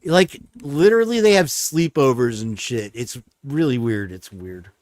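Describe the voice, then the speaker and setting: A man's voice: mid-range voice, animated, measured pace, a little mellow, no room sound. A man hosting a livestream in casual chat, rambling and joking about himself. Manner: rambling, joking, self-deprecating. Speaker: stream host.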